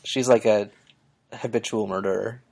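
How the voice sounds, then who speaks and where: A podcast co-host talks casually, often pausing on ums and uhs. The voice is gravelly and husky, with lots of vocal fry. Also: medium pitch, fairly even intonation, a little mellow. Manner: hesitant, many ums and uhs. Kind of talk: casual chat about a webcomic.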